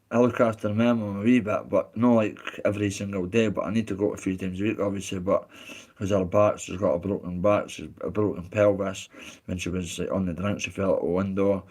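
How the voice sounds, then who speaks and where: A man's voice: fairly low pitch, a little mellow. A Scottish man chatting casually on a live stream, reading out chat messages in a blunt, candid way with plenty of swearing and heartfelt asides.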